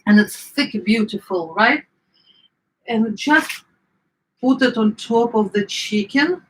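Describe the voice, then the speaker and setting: A woman's voice: a little high, slow pace, slight background noise, poor audio. Middle-aged woman, eastern european accent, casual cooking chat, lots of ums while she looks for words. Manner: chatty, searching for words, many fillers. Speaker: home cook.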